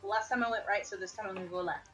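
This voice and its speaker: A woman's voice: medium pitch, fairly even intonation, racing, fairly bright tone, faint music behind. A woman player chatting and joking eagerly during a tabletop game. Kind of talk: casual tabletop game chat.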